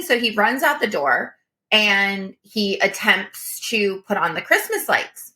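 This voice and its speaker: A woman in her thirties co-hosting a coaching podcast, telling stories in an earnest, lively way. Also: medium pitch, takes it slowly. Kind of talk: casual coaching talk.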